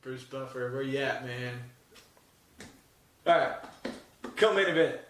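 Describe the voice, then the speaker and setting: Middle-aged dad, roomy far-off sound. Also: male voice, medium pitch, measured pace, fairly bright tone, slight background noise. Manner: laid-back, teasing, prompting questions. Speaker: podcast co-host and dad. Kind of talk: casual sports chat. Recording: roomy, from mic distance.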